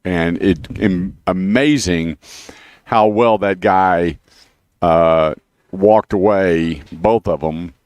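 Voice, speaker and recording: Speaking extremely slowly in a low, darkish, clear and resonant voice, a man hosts a radio show from the studio. He's a chatty storyteller, telling stories between car dealer plugs and repeating the phone number. There's no room sound.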